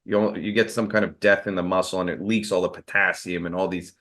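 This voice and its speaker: Interview guest: man, low voice, candid, loose rambling delivery. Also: fairly even intonation, quick pace, a bit bright. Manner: candid, rambling with fillers and restarts. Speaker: guest, martial arts expert. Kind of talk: casual interview storytelling.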